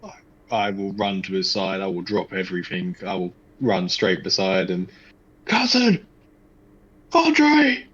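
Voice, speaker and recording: Deep, husky player man. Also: completely flat delivery, moderate pace, fairly bright tone, lo-fi sound. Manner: earnest, declarative. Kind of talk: in-character tabletop play.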